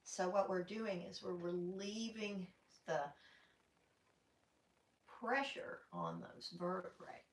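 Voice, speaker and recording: Older Southern woman leading gentle yoga. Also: mid-range voice, steady tone, takes it slowly, long pauses, a little hiss or hum. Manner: folksy, chatty, playful asides. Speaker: yoga instructor. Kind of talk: guided yoga class. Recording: roomy, from a distance off-mic.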